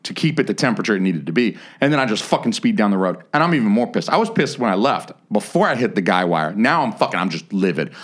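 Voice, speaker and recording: A man co-hosting a podcast, telling a long story in casual chat, swearing constantly and getting animated. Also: fairly low pitch, fast, hardly any pauses. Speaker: podcast co-host.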